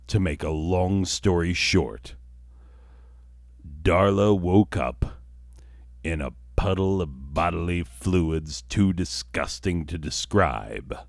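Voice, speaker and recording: A man's voice: a bass voice, vocal fry, dry recording, clean studio sound. A man telling a comic story with rambling, self-mocking asides. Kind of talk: comedic storytelling.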